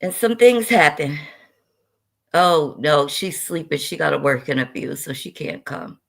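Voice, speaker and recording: A woman's voice: low-pitched, lively intonation, a little slow, vocal fry. A woman from South Carolina with a Gullah Geechee accent, a panel guest on an online call who hesitates and then cusses back sharply. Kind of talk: heated livestream panel talk.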